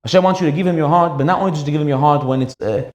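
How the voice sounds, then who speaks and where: A rabbi delivers a storytelling sermon at a rapid clip. His voice sits somewhat high for a man. He tells the story in an animated way and acts out each of the characters. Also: roomy sound.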